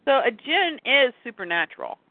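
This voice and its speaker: A woman's voice: fairly high pitch, sing-song, moderate pace, no room sound. A woman co-hosting a casual podcast, recapping a comic book and reading its dialogue aloud with light character voices. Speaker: podcast co-host. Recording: tinny phone-like line, dry.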